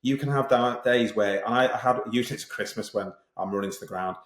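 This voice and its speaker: A middle-aged man telling his story as a podcast guest, fast and lively, acting out other people's lines as he goes. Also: lowish voice, echoey room. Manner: fast, animated, tells stories with quoted voices. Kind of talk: casual interview storytelling.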